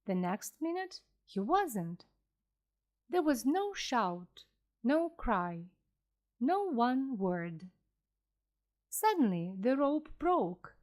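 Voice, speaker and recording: Slow, careful woman storyteller. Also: fairly high pitch, big pitch swings, darkish tone. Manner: clear, careful reading aloud. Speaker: narrator. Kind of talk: slow storybook narration for language learners.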